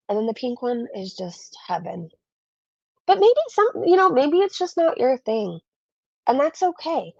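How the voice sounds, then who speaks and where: A woman's voice: fairly high pitch, gravelly, a little mellow, no room sound, highs cut off. A woman hosting a casual live-stream commentary, chatty and rambling as she reads super chats. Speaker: commentary channel host.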